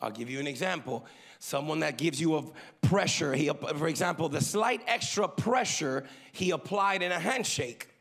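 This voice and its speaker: A male pastor preaching a sermon, calling for amens from the congregation and moving between loud emphasis and quiet asides. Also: a little high, expressive, moderate pace, gravelly. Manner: preaching with call-and-response to the congregation.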